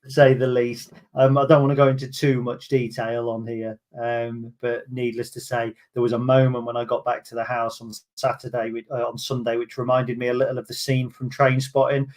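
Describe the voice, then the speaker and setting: A chatty man hosts a casual football podcast in a voice of middling pitch. He talks in a loose, self-mocking way and drops in plenty of ums between points. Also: flat delivery, brisk, hardly any pauses, darkish tone. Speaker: podcast host.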